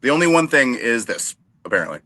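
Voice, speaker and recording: Brief: wisecracking man, bright lively delivery, dry mic. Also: medium pitch, quick pace. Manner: wisecracking, self-deprecating. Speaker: podcast co-host. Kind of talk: casual banter show.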